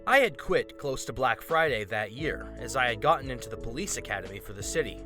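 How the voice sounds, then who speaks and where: Man, story narrator, expressive reading, bright tone, faint background music. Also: medium pitch, brisk. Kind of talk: reading an online story aloud.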